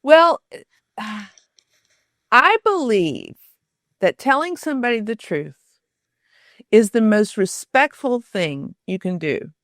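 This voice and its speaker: A woman guest on an interview podcast, answering thoughtfully, pausing on many fillers and restarts. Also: medium pitch, very animated, a bit bright, dry recording, studio quality. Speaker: podcast guest, storytelling author. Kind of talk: conversational interview.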